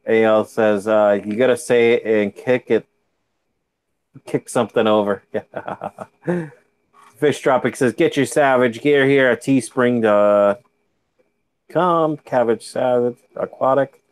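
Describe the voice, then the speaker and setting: Hosting a fishkeeping livestream from his home via video call, a tired man yawns and chats in a laid-back, jokey drawl. His mid-range voice is clean and slow as he reads out viewer comments into a computer mic.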